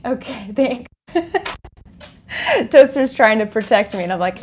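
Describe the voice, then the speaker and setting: Upbeat higher-voiced lady doing a slow, easy livestream chat from home. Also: slight background noise. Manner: bubbly, laughs often, reads chat comments aloud. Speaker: podcast host on a livestream. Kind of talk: casual livestream chat greeting viewers. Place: home, dog nearby. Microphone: desk microphone.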